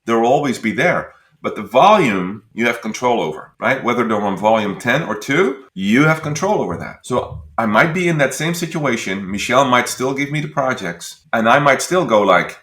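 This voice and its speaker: A man with a Dutch accent tells a story as a podcast guest. His low voice swings widely in pitch as he acts out what he thought back then. The room has a clear echo. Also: normal speed. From Netherlands. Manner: animated storyteller acting out his past thoughts. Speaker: guest consultant.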